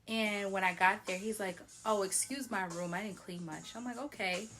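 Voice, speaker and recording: A woman's voice: medium pitch, steady tone, measured pace, fairly bright tone, faint music behind. A young woman vlogger casually telling a personal story, chatty and full of "like", a bit tipsy from wine. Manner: chatty, frequent "like", laughs often.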